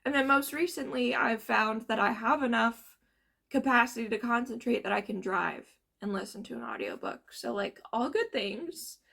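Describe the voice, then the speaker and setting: Tired woman vlogger with a fry-laden morning voice, gushing casual book review. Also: a little high, expressive, normal speed, fairly bright tone. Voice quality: gravelly morning voice. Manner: chatty, gushing, trailing off.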